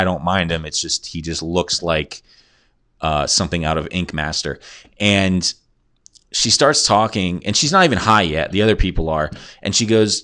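Guy with a deep voice riffing on his comedy podcast, sarcastic and swearing a lot, just rambling. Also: fairly bright tone. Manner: rambling, sarcastic, profane storytelling. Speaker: podcast host. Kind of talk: casual comedic monologue.

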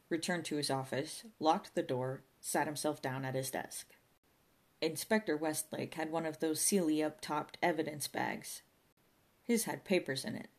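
A woman narrating a comic novel as an audiobook, with a dry, deadpan delivery. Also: sits low.

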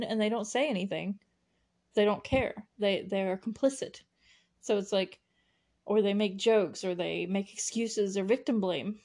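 A woman's voice: medium pitch, a little mellow. A young woman hosting a solo podcast, recapping a TV episode in a rambling, giggly way with lots of fillers and restarts. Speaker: podcast host recapping a TV show. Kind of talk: casual solo recap chat.

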